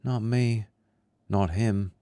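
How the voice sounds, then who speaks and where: A man's voice: lowish voice, steady tone, drawn-out words, mellow, no echo, clean studio sound, voice pushed up. A man voicing a wild, frightened young boy who cries out shrilly as he grieves. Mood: grieving.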